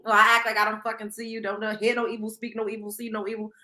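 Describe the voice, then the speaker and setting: A woman's voice: fairly high pitch, completely flat delivery, fast talker, bright, forceful tone. A young adult woman hosting a talk show, giving blunt, profane advice in a casual monologue and laughing often. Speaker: show host.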